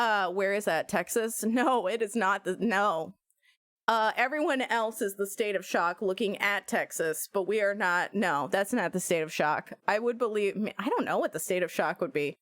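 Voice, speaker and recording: A woman streamer in casual live-stream chat, animated and joking, often breaking into laughter. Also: mid-range voice, no room sound, studio quality.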